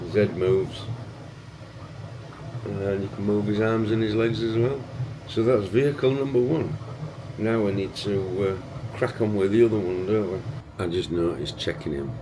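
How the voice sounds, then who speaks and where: A man's voice: lowish voice, a bit bright, a little hiss or hum. A man with a broad Yorkshire accent, hosting a casual vlog in a chatty, easygoing way. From England. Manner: chatty and easygoing, with plain everyday phrasing. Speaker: host. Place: room with 3D printers running.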